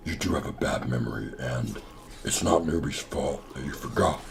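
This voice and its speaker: A man doing a deep, deadpan gravelly guy. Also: moderate pace. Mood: dry. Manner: dry, matter-of-fact. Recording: audible background noise.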